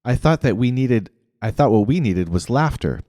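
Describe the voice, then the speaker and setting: A man's voice: mid-range voice, sing-song, normal speed, darkish tone, no room sound, studio quality, in a large hall, voice pushed up, close to an everyday voice. A man voicing a cranky, sulking little girl who snaps and sneers in a storybook reading. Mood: sneering. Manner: snappish, sneering.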